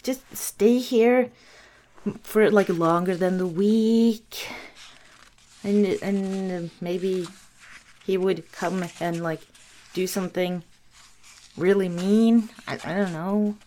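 A woman's voice: mid-range voice, dark tone, slight background noise. A young woman retelling a bedtime story casually, rambling and sarcastic with lots of fillers.

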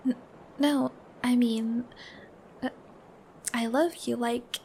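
A woman's voice: a little high, fairly even intonation, slow, gravelly, a little hiss or hum. A woman as a giggly, shy young girlfriend. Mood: shy, tender. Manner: giggly, babbling, soft and affectionate. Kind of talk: whispered role-play.

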